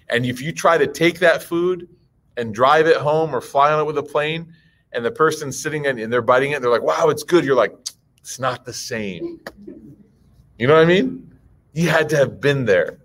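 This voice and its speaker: Lively man giving a conversational religious talk. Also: medium pitch. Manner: lively storytelling, acts out voices, asks the crowd questions. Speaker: Muslim speaker giving a talk.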